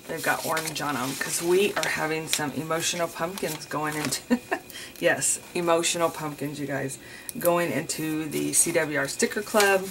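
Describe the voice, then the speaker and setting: Chatty woman rambling over noisy room. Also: sits low. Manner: rambling, chatty, addresses viewers as you guys. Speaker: journaling vlogger. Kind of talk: casual chatty crafting tutorial.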